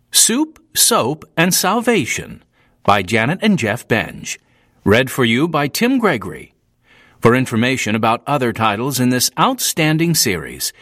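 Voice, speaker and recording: A male audiobook narrator reading in a clear, steady storytelling manner. His intonation moves with animated ups and downs at a medium pitch. The studio sound is dry and close. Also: dry recording.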